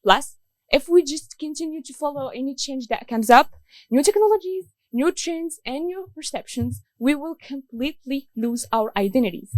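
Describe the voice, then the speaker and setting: A woman's voice: sits high, expressive, normal speed, darkish tone, no echo, poor audio. A young woman from Morocco giving an earnest debate speech, using rhetorical questions. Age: young adult. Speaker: student debater.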